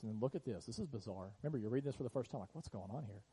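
Mellow-voiced man preaching a sermon. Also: mid-range voice, fast talker, breathy edge, poor audio. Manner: earnest preaching, drops to a hush on key lines. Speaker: pastor. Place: church sanctuary.

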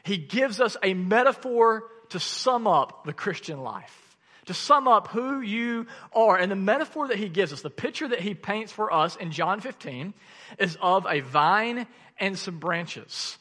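A male pastor preaching a sermon, telling stories in an animated way with frequent laughs and sudden loud bursts. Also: high voice, unhurried, big-room sound.

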